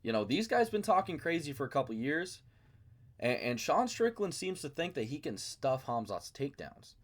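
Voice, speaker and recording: Animated man rambling about fights. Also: on the high side, moderate pace. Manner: rambling, animated, self-mocking. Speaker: MMA video host. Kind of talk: casual commentary vlog. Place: his basement.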